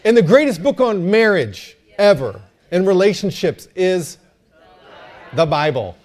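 A man preaching a sermon to his church, animated and joking, often asking the crowd for an amen. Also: sits high, unhurried. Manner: animated, joking, calls for amens. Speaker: pastor.

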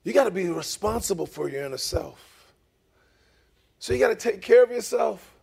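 A middle-aged man preaching a sermon, emphatic, swinging between loud emphasis and soft asides, often checking in with "okay?" and "amen?". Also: sits high, expressive, normal speed, creaky, breathy edge. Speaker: pastor.

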